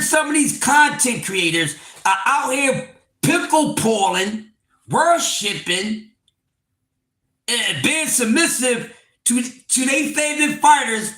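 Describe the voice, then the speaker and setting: Recorded in an echoey room, this livestream host delivers an animated rant in a loud, high voice. He's preachy, lurching back and forth between shouting and mock-laughing.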